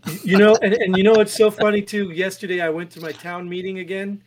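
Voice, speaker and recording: A man co-hosting a podcast, talking through political headlines in an animated, exasperated way with many restarts. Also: high voice, fast talker, a crowd in the background. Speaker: podcast co-host reading headlines. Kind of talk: casual political chat.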